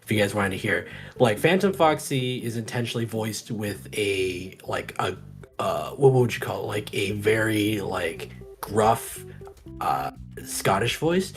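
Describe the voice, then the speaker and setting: A man's voice: lowish voice, animated, measured pace, faint music behind. A man hosting a casual live stream, rambling and correcting himself. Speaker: host.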